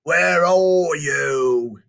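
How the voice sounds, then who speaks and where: A man voicing a boastful, excitable male toad from a storybook, read aloud in a high, dramatic voice. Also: drawn-out words, creaky, exaggerated voice. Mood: excited, anxious.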